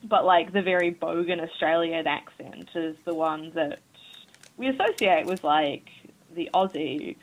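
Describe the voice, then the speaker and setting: A woman's voice: on the low side, a little slow. A woman from New Zealand in casual conversation, chatty and full of fillers. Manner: chatty, many fillers and likes. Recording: tinny phone-like line.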